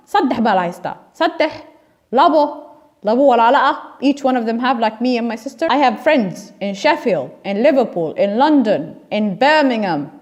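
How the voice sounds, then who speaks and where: Woman, passionate community appeal, pleading and scolding, swooping pitch, higher voice. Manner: switches between Somali and English, pleading and scolding. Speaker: community vlogger. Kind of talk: impassioned appeal to camera.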